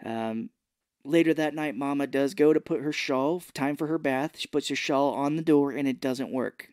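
A man's voice: medium pitch, normal speed, dry recording, studio quality. A man co-hosting a podcast, retelling a movie plot in casual chat and acting out the characters' lines. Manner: animated retelling, acting out quotes. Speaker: podcast co-host. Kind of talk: casual film recap chat.

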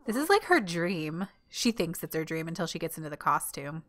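A woman's voice: sits low, sing-song, fairly bright tone. Giggly young woman commenting on a game. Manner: giggly, bubbly, gushing; voices her character in quick asides. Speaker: gameplay commentator. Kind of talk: casual let's-play commentary.

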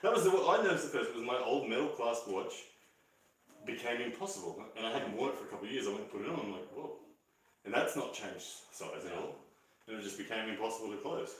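A man leading a live-streamed arm wrestling session, chatting casually, laughing often and shouting during matches. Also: on the low side, animated, quick pace, slight background noise. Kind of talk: casual live-stream chat while training. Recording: echoey room from far off.

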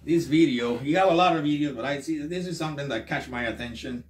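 Halting man vlogging in an echoey room. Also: fairly high pitch, far from the mic, a little hiss or hum. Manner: halting, repeats words, trails off softly. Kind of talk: casual chat to camera.

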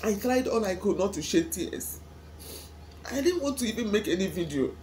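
A tearful woman with a Nigerian accent speaks in an emotional vlog lament, sighing between her words. She pleads with God and asks the same questions over and over. Her voice sits at a middle pitch, with faint ambient noise behind it. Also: expressive, moderate pace, darkish tone. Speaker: vlogger.

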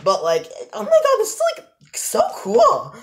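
A woman reacting to a game trailer, gushing and excitable, squealing and laughing between exclamations. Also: very high voice, a little slow. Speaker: gaming YouTuber.

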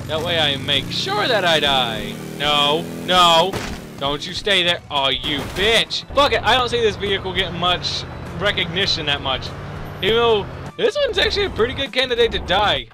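A young man commentating a physics game he is playing, excitable, swearing and shouting at the screen. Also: sits high. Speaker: gaming YouTuber. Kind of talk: let's play commentary.

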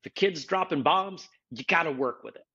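Gravelly-voiced man explaining earnestly. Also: fairly high pitch, animated, moderate pace, pushed and bright, muffled recording. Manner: earnest, explanatory, builds points step by step. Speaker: podcast host, martial arts instructor. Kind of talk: casual podcast discussion.

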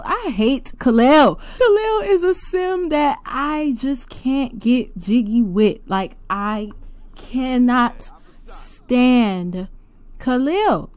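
A woman hosting her gaming channel, giving excitable casual commentary with loud gasps and outbursts. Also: on the high side, clean tone. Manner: excitable, gasping and laughing reactions, loud outbursts.

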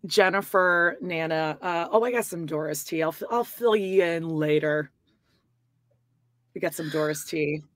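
A woman's voice: sits low, a little slow, no room sound, studio quality. A woman co-hosting a podcast live from home, chatting playfully and gossiping. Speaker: podcast co-host. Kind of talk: casual chat on a live stream.

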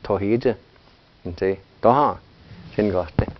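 Relaxed chatty male language teacher. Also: lowish voice, unhurried, highs cut off. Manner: relaxed and chatty, laughs often. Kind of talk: classroom lesson. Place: classroom.

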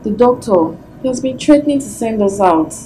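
A woman's voice: on the high side, animated, normal speed, warm tone, slight background noise, natural voice, low-quality recording. An actress playing a worried woman with a Nigerian accent, pleading for help for her sister.

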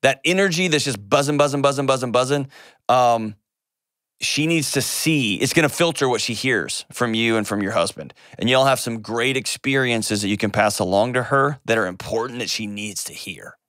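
A man's voice: mid-range voice, normal speed, a bit bright, no room sound, clean studio sound. A middle-aged man hosting a call-in advice show, speaking earnestly and emphatically, often repeating words for weight.

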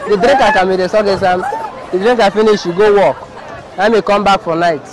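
A man with a Nigerian accent telling a comic story in lively pidgin, acting out the people in it. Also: high voice, a little fast, poor audio. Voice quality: animated, mimics characters. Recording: outdoor crowd and street noise.

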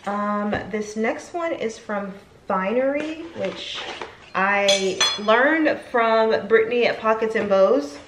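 A woman's voice: a little high, slow, noisy background. A woman in her thirties chatting casually to camera at home as a lifestyle vlogger, rambling and talkative. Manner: chatty, rambling, gets emotional at times. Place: home, indoors. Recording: echoey room.

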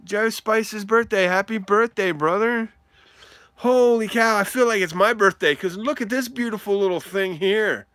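Whooping and laughing, an animated man opens his card mail on a live stream and talks directly to chat. He speaks at normal speed in a high-sitting voice, with few pauses and no echo.

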